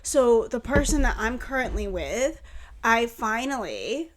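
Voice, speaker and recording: A woman co-hosting a podcast, talking candidly and earnestly in casual chat, slowing down on heavy points. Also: on the high side, big pitch swings. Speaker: podcast co-host.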